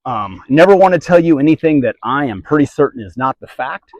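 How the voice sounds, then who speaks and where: A man's voice: mid-range voice, animated, a little fast, darkish tone, no room sound, lo-fi sound. A man, a realtor and team leader, giving earnest, emphatic advice straight to camera. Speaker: real estate agent and team leader. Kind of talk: direct-to-camera advice video.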